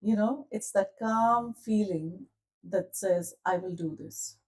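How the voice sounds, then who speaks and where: A woman leading a live online coaching session, speaking gently and calmly and asking her listeners questions directly. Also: mid-range voice, slow, far from the mic, poor audio. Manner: gentle, calm, soothing delivery. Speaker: self-development coach.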